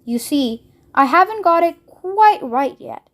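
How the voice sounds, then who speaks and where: A woman reading a storybook aloud, voicing an eccentric male candy maker who speaks gently and frets. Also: very high voice, animated, slow pace, pitched above the performer's own voice, exaggerated voice. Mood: gentle. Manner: gentle, fretful, hand-wringing.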